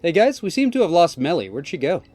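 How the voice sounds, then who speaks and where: A man's voice: on the high side, big pitch swings, fast, darkish tone, no echo, pitched above the performer's own voice. Man voicing a cheerful young gang boss. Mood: friendly. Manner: cheerful, apologetic. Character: friendly, upbeat young male gang boss. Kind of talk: reading game dialogue aloud.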